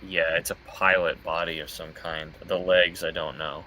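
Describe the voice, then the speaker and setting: Deep, bright-toned chatty man. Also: little pitch movement, normal speed, slight background noise, rough recording. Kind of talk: casual livestream chat.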